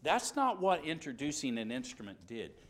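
A man teaches a Bible class in an earnest, reasoning tone, leaning on rhetorical questions. His voice sits in a middle pitch but moves around a lot. He sounds like a preacher working through a point step by step. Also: sing-song, moderate pace.

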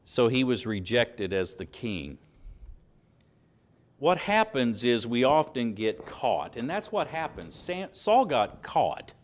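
A man preaching, a pastor reading scripture aloud and explaining it with animated emphasis. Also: mid-range voice, takes it slowly.

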